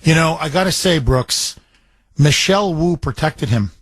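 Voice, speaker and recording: Fiery talk radio host, man, high-pitched delivery, dry close studio sound. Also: lively intonation, unhurried, fairly bright tone, slightly rough, dry recording. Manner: ranting, indignant, emphatic. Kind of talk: political talk radio monologue.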